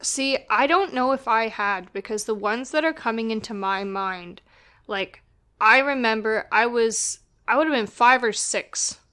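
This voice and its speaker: A young woman co-hosting a casual podcast chat, eager and quick to jump in, swearing casually. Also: a little high, sharp tone, clear, resonant tone. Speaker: podcast co-host.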